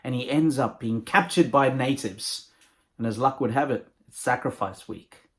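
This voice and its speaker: A man, a motivational speaker, telling a moral fable with a lively delivery. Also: medium pitch, normal speed. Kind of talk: storytelling with a moral.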